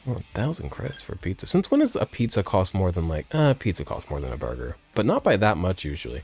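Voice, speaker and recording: A man's voice: on the low side, big pitch swings, fast, a little mellow, faint music behind. A man giving crude, joking commentary while playing a video game. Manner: jokey, crude, rambling asides. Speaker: let's play streamer. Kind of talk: casual gameplay commentary.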